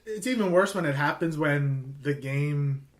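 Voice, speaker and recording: Male podcast co-host, higher voice, frustrated and questioning. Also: measured pace. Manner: frustrated, questioning, stumbling restarts. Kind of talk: casual podcast chat.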